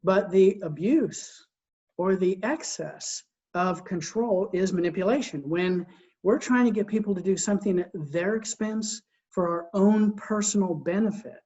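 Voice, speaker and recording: A man's voice: high voice, a little slow, mellow. A middle-aged man coaching in an earnest, conversational way. He often repeats words as he starts a sentence and asks his listeners rhetorical questions. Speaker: Christian leadership coach. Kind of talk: conversational teaching talk. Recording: dull lo-fi recording.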